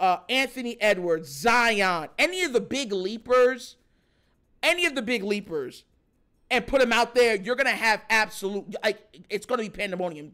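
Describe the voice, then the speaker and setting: A man's voice: sits high, a bit bright. A man in casual sports talk, speaking emphatically in slang, laughing often and often asking "you know what I'm saying.".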